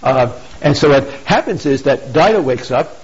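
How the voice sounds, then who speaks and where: A man's voice: medium pitch, expressive, normal speed, slightly rough. A man giving an informal moral talk. He retells an old story with rhetorical asides and emphatic repetition. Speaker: pro-life speaker. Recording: dull lo-fi recording.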